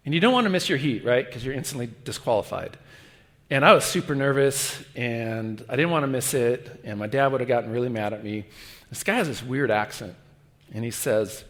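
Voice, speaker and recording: A middle-aged man preaching a sermon as guest pastor, telling stories in an animated way and dropping to a hush for pleading lines. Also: mid-range voice, a little fast. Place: large church hall. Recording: long church reverb.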